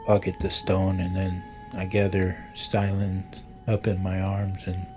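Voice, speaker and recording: A man's voice: low-pitched, completely flat delivery, measured pace, over music. A man playing a tabletop game, speaking firmly for his character. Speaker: player. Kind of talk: tabletop role-play.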